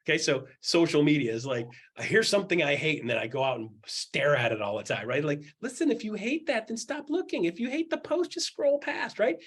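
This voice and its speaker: A man's voice: a little high, a little fast, hardly any pauses, husky. A man coaching a group of real estate agents in a blunt, joking way, acting out the voices he quotes and repeating his points. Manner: animated, acts out quoted voices; blunt, jokey, repeats himself.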